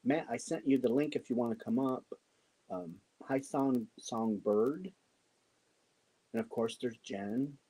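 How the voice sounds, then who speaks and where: Soft-spoken husky man at home. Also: unhurried, rough recording. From United States. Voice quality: low, husky voice. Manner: talking softly to keep the house quiet, greeting viewers. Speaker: livestream host. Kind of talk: casual livestream chat. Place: home, indoors at night. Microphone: microphone worn.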